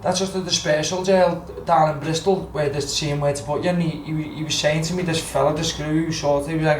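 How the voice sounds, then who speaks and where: A man's voice: fairly high pitch, fairly even intonation, fairly quick, few pauses, slight background noise. A man, a podcast guest telling a rambling, swearing story. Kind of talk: casual storytelling. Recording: echoey room, faint ambience.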